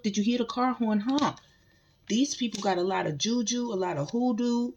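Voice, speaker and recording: A woman's voice: fairly high pitch, normal speed, a little mellow. Emphatic woman giving a tarot reading. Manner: emphatic, repeats phrases, addresses the collective directly. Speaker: tarot reader. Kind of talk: casual spiritual reading to viewers.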